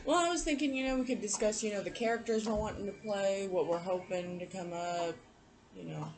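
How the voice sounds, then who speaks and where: A woman's voice: medium pitch, brisk. A woman, a player in the group, chatting casually and teasing her friends. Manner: teasing, laughs easily. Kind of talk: casual chat.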